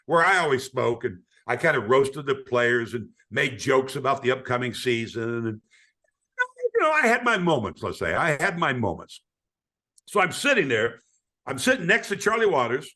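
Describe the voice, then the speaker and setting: An older American man, once a sportscaster, tells stories during a podcast interview in a mid-range, bright, forceful voice. He acts out the voices of people he quotes and often stammers and restarts.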